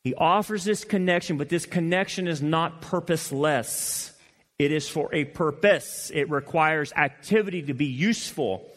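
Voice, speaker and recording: A man preaching a sermon as pastor, emphatic, moving between loud passionate peaks and quiet intimate asides. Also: on the high side, normal speed. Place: church sanctuary. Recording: long hall reverb.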